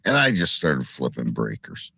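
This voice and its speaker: A middle-aged man co-hosting a casual chat, telling animated stories and swearing freely. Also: very deep voice, normal speed, gravelly, breathy edge, no echo.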